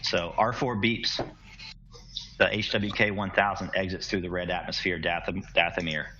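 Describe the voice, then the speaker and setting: A man running a tabletop role-playing game, narrating the scene and explaining the plot with a relaxed, filler-heavy manner. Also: low-pitched, moderate pace, lo-fi sound, a little hiss or hum. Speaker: game master.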